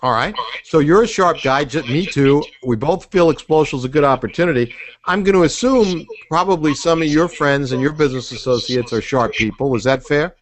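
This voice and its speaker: A man's voice: fairly high pitch, brisk, no echo. A middle-aged man leading a sales training role-play, asking leading questions and acting out the answers. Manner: animated, asks leading questions, acts out answers. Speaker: business trainer.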